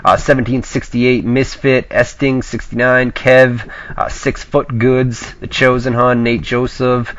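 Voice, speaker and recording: A man hosting an internet radio show while sick, his voice a bit shaky, talking in a laid-back, halting way with lots of fillers. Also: medium pitch, flat delivery, a bit bright, highs cut off. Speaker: host. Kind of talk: casual internet radio chat.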